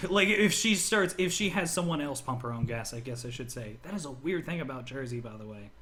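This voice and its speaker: A man from the United States co-hosting a podcast, talking in an animated, joking way and laughing often. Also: medium pitch, fairly quick. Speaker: podcast co-host. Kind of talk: casual chat.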